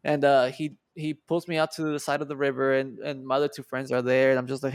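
A podcast guest in his twenties, from Mexico, gives a casual, animated retelling full of profanity and acted-out quotes. His medium-pitched voice is gravelly yet smooth, brisk with hardly any pauses, and the recording is dry and studio quality.

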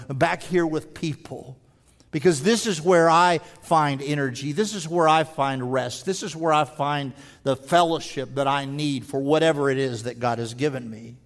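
A man preaching a sermon in earnest, stumbling over restarts and dropping to a slow, quiet voice for emphasis. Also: on the high side. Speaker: pastor. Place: church sanctuary. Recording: long hall reverb.

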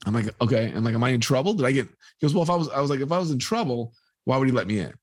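A man's voice: medium pitch, expressive, very fast, husky, no room sound. A man, a guest telling a long personal story and acting out the people in it. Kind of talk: storytelling in a podcast conversation.

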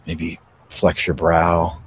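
Calm low-voiced man guiding meditation. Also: a little hiss or hum. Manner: slow, soothing, calm delivery with pauses. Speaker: podcast host and meditation guide. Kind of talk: guided breathing meditation. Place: outdoors in a park. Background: birds.

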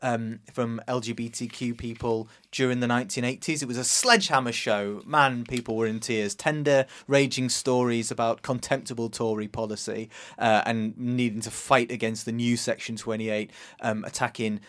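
Male podcast co-host, eager, informal, mid pitch. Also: steady tone, moderate pace, hardly any pauses, a bit bright. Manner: enthusiastic, informal, many fillers. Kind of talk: casual podcast chat and review.

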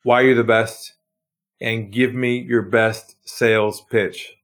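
Man, sales trainer guest, animated storyteller, plays both sides of phone calls. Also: slow. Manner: animated storyteller, acts out phone calls, drops voice low for effect. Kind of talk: podcast interview storytelling.

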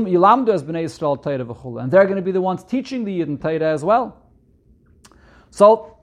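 A man with a Yeshivish accent teaching a Torah text, reading the Hebrew and then explaining it line by line in English, repeating key points. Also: high voice. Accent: Yeshivish English with Hebrew and Yiddish terms.

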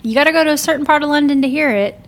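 A woman's voice: high voice, racing. A woman talking in a casual book discussion, emphatic and chatty, with many "like"s and "you know"s. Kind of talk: casual book club chat.

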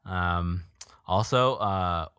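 A man's voice: deep voice, extremely slow, fairly bright tone, clear, resonant tone, no room sound. Dry-sounding joking male podcast co-host. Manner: jokey, hesitant with frequent ums. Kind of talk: casual chat.

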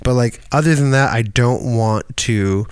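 A man co-hosting a podcast, rambling casually with many fillers and sometimes mimicking people in a high voice. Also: unhurried, clean tone, dry recording, studio quality. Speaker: podcast co-host, musician. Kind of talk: casual chat.

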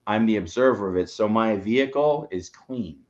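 A man's voice: fairly low pitch, lively intonation, moderate pace, a little mellow, dull audio. A man co-hosting a motivational live show, coaching listeners in an emphatic, preachy way and swearing now and then. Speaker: co-host, coach.

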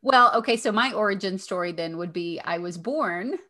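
A woman's voice: medium pitch, moderate pace, sharp tone. A woman in her forties with a Southern US accent, co-hosting a podcast in a chatty, joking way with plenty of ums and laughs. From Indiana, raised in Kentucky. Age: 40s. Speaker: podcast co-host. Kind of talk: casual chat.

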